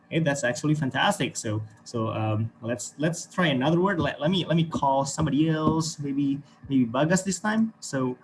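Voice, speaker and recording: A man's voice: a little high, slight background noise. A man from Indonesia with an Indonesian accent, teaching an online English class with encouragement, often checking in with "okay" and "right". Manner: encouraging, repeats words, frequent okay and right.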